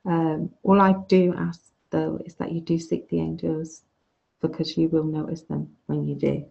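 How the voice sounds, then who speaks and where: Gravelly-voiced woman teaching online. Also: low-pitched, flat delivery, moderate pace, warm tone. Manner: chatty, frank, restarts phrases. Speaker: course teacher. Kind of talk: casual online lecture. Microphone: video call. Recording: dull lo-fi video call audio.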